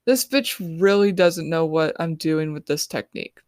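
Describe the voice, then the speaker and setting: Lady author reading her own book chapter, lowish voice, dry close mic. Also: expressive, normal speed, a little mellow, no echo. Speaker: author and podcast host. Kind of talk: first-person novel reading.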